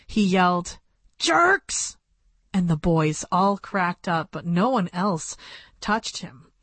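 A woman reading a first-person story aloud as an audiobook narrator, in a plain, measured storytelling manner, close to a studio mic. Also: lowish voice, dry recording.

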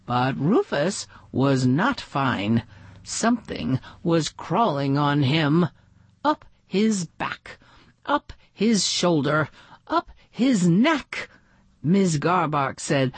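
Very slow, breathy woman reading a storybook. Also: low voice, no room sound. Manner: expressive, lively read-aloud. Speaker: storybook reader. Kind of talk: children's storybook read-aloud.

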